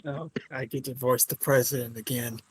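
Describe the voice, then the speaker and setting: A man's voice: medium pitch, steady tone, normal speed, slightly rough, dry recording. A man chatting casually and jokingly while voicing game scenes on a stream, with faint music behind. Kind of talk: casual chat.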